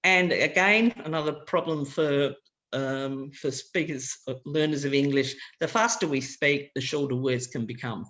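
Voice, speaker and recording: A man with an Australian accent runs a hands-on workshop for language teachers, explaining ideas loosely and conversationally and walking through examples. His voice is a little high, pushed and bright, at a moderate pace.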